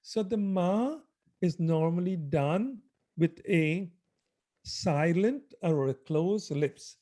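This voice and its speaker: Slow, reverent man with a high voice. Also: warm tone. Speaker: mantra teacher. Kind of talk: devotional prayer and chanting instruction.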